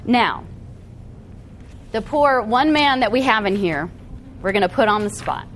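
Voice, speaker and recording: Animated, high-voiced woman presenter. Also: unhurried, slight background noise. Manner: animated, often checks in with the audience with "okay?". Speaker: workshop presenter. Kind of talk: live seminar talk to an audience. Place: meeting room with a live audience.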